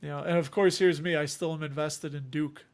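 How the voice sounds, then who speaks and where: A man with a Chicago accent and a fairly high voice hosts a casual livestream from home. He rambles and jokes at his own expense as he chats to his viewers. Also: fairly even intonation, brisk. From Chicago area. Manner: rambling, joking, self-deprecating. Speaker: dividend investing livestream host.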